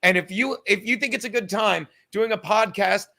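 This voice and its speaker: High bright-voiced man ranting profanely. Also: moderate pace, vocal fry. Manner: profane, ranting, talks straight to viewers and commenters. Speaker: podcast host. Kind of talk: live-stream podcast rant. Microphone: computer mic on a live stream.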